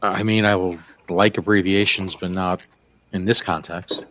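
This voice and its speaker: A man's voice: sits low, steady tone, normal speed, bright, forceful tone, dry recording. A man playing as a trivia contestant, hesitant and thinking aloud. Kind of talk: casual game chat.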